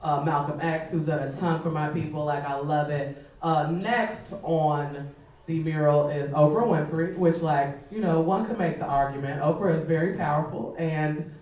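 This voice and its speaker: A Chicago woman does a stand-up comedy set on a comedy club stage, animated and swearing, chatting loosely with plenty of fillers. Her voice is deep and her pace moderate. The distant mic picks up an echoey club sound.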